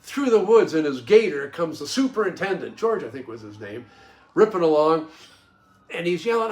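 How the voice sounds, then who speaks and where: A man's voice: high voice, lively intonation, moderate pace, over loud music. A man casually telling a personal anecdote, acting out other people's voices and laughing at himself. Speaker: host telling a personal story. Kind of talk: casual storytelling.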